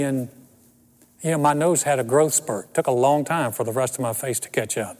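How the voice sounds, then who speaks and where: A man's voice: mid-range voice, brisk, a little mellow. Older male pastor in a reverberant hall. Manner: storytelling with self-deprecating humor. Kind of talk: sermon.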